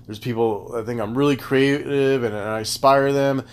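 Profane rambling man. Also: medium pitch. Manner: profane, animated, rambling, quick tangents. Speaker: podcast host. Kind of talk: casual solo rambling podcast.

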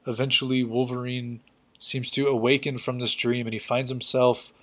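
A man retells a comic book plot in a loose, chatty way, leaning on fillers as he goes. His voice stays flat and even, with little rise and fall. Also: medium pitch, moderate pace. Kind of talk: casual storytelling recap.

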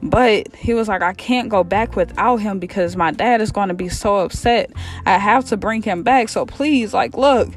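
A man retelling a Bible story in a casual, lively way, acting out the characters' lines in slang and repeating himself as he goes. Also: high voice, normal speed, soft background music. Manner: animated, acts out quotes in slang, repeats himself. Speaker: podcast storyteller.

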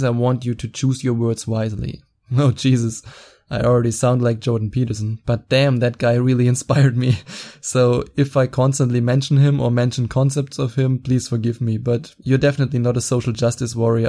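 Gravelly, dark-voiced man hosting a podcast. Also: medium pitch. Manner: excitable, talks fast and quick to laugh. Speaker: podcast host. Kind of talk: casual solo podcast advice.

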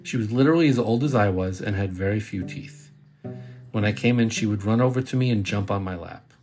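A man's voice: fairly low pitch, a little fast, darkish tone. A middle-aged man from Brooklyn, a podcast host, telling a personal story in a casual, wry way and sometimes swearing. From Brooklyn, New York. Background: guitar music.

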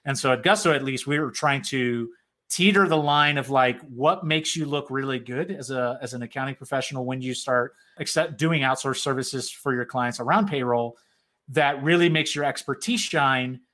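A man's voice: medium pitch, moderate pace, pushed and bright. A man in a casual business conversation, talking loosely about accounting work with lots of "like" and "right?" fillers. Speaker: payroll software company representative.

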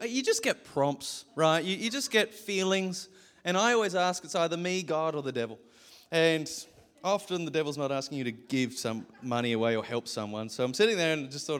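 A young pastor preaches with a high, light voice. He tells stories about himself in a self-deprecating way and breaks into laughter often, keeping his sermon casual. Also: very animated, brisk, fairly bright tone.

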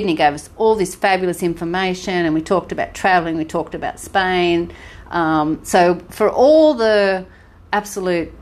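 Australian woman podcast co-host, lower-pitched, chatty storyteller. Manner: chatty, animated storytelling with laughs. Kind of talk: casual travel chat.

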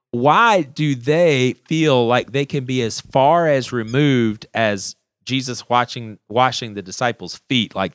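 A man co-hosting a podcast, telling a story in a casual, animated way and often restarting his phrases. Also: medium pitch, smooth, no room sound, studio quality. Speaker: podcast co-host.

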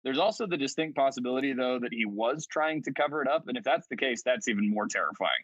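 A man co-hosting a casual podcast discussion, thinking aloud with restarts and quick bursts of speech. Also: medium pitch, fairly bright tone, dry recording. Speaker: podcast co-host. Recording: slightly dull, dry recording.

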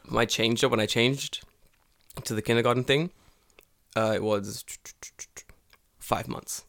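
A young British man co-hosts a podcast, chatting casually, swearing a lot, and mocking people in put-on voices. His medium-pitched voice is unhurried, creaky, and fairly bright.

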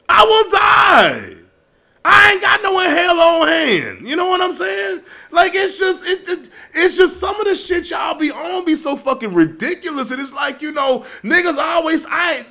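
A man telling stories in a casual comedic monologue, animated and profane, often breaking into laughs. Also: high voice, gravelly. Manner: animated, profane, loud storytelling with frequent laughs.

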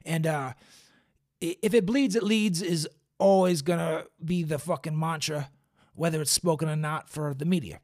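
A man talks through a casual solo podcast in a slightly higher-than-usual voice. He rambles and swears freely, padding his thoughts with fillers and restarts. He sounds like he is seated at a desk mic. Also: normal speed, darkish tone. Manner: loose, profane, rambling with frequent fillers. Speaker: podcast host. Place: indoors, seated in a squeaky chair. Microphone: camera and studio mic.

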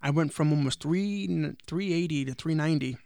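A man's voice: a little high, moderate pace, vocal fry, a little mellow, dry recording, studio quality. Rambling, self-deprecating man co-host. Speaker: podcast co-host. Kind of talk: casual chat.

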